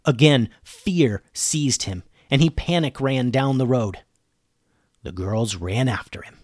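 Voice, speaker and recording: A man narrating a children's story in a playful, animated way as a podcast host. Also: mid-range voice, slow, no room sound, studio quality.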